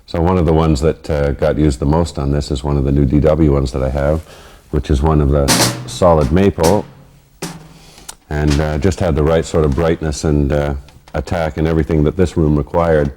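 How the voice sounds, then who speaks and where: Very deep-voiced man explaining drumming. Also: fairly even intonation, noisy background. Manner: measured, thoughtful, explains slowly with fillers. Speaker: drummer giving a lesson. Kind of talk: instructional explanation. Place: recording studio.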